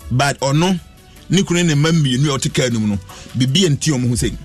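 A man's voice: mid-range voice, fast talker, faint music behind. A man with a Ghanaian accent telling stories on a radio talk show, mixing Twi and English animatedly. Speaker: astrologer guest.

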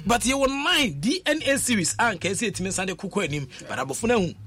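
A man's voice: high voice, big pitch swings, quick pace, sharp tone. A man talking emphatically on a radio panel, repeating phrases as he drives home his points. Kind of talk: animated radio discussion.

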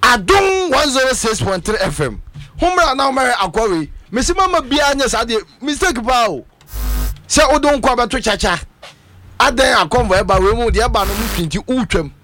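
A man hosting casual radio chat, playful and loud with station call-outs. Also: very high voice, animated, brisk.

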